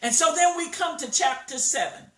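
A woman preaching a sermon, telling a story slowly and emphatically and acting out the quotes. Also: high-pitched, animated. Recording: echoey room, voice from far off mic.

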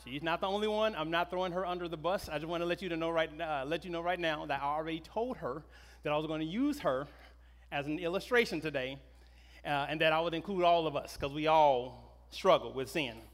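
A middle-aged man, a pastor, preaching a sermon in an animated, conversational storytelling way. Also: on the high side, a little fast. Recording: long reverb of a large hall.

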